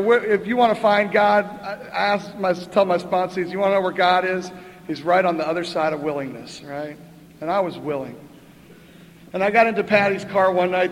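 An older man speaks in a fairly high register for a man, sharing his recovery story with dry humor and a conversational rhythm. His voice carries the long echo of a meeting hall, with faint room ambience underneath. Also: slight background noise. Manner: chatty, wry, punctuates with "right?" and laughs. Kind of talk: storytelling share at a twelve-step meeting.

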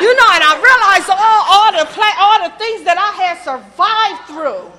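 A woman's voice: extremely high pitch, big pitch swings, normal speed, hardly any pauses, bright, forceful tone, a faint crowd. Emotional woman sharing her recovery story. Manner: raw, emotional, profane storytelling. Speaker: recovery meeting speaker. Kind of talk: personal testimony at a meeting.

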